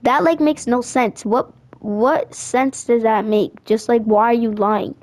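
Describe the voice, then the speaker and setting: A woman's voice: fairly high pitch, fairly even intonation, unhurried, darkish tone. Sassy teen girl telling a story. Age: teens. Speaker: gaming vlogger. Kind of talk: storytime chat over gameplay.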